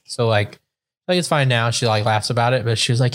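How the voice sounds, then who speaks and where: This fast-talking young podcast co-host keeps a steady, mid-range tone. His casual chat wanders, packed with filler words.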